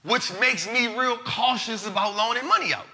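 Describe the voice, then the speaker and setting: A man hosting a live finance talk show, animated and casual, full of slang and repeated phrases. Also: extremely high pitch, normal speed, big-room sound.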